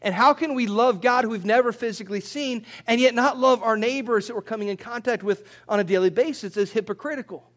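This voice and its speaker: Pastor, male, high-pitched voice, conversational sermon delivery with repeated words and rising emphasis. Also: fairly quick, few pauses, a bit bright.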